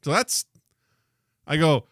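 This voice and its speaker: A man co-hosting a podcast, telling a story in casual chat and acting out the quotes with lively jumps in his voice. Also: slow pace, no room sound, clean studio sound. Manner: animated storyteller, acts out quotes. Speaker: podcast co-host.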